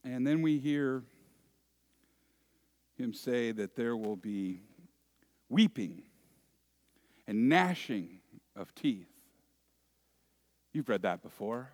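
A male pastor delivering a Sunday sermon at an unhurried, measured pace, with a mid-pitched voice. He speaks deliberately, pausing to put rhetorical questions to his listeners. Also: animated, darkish tone.

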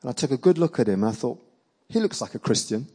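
A man preaching and telling a personal testimony as a story, acting out the dialogue with lively energy and laughing along. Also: mid-range voice, quick pace, husky, low-quality recording.

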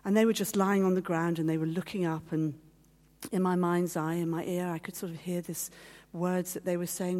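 A woman speaks to a gathering in a personal testimony, her voice low and mellow. She tells her story with feeling and slips into the voices of the people in it. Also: flat delivery, moderate pace. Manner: storytelling, acting out quoted voices; heartfelt, at times teary. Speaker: guest speaker. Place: meeting hall.

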